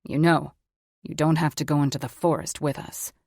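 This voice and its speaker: A woman's voice: sits low, fairly even intonation, normal speed, darkish tone, no room sound, clean studio sound. A woman voicing a brooding male wolf shifter possessed by a demon, terse and cold in an audiobook. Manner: terse, cold, flaring into snarls. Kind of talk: audiobook character voice.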